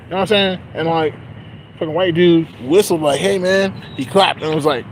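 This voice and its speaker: A man's voice: fairly high pitch, steady tone, fast talker, a little hiss or hum, poor audio. A man telling a story in a rambling, profane, casual rant full of filler phrases, speaking outdoors on a street. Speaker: vlogger.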